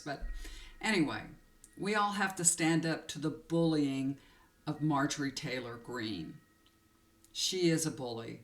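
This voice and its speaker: A woman tarot reader telling a personal story to camera in a confiding, emotional way, rambling with many fillers, close to tears. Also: sits low. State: tearful.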